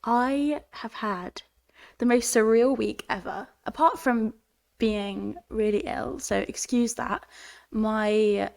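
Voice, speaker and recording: A woman's voice: on the high side, takes it slowly, creaky, darkish tone. A young woman hosting a podcast in a chatty, rambling way, laughing often, her voice congested from a cold. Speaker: podcast host. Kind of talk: casual chat.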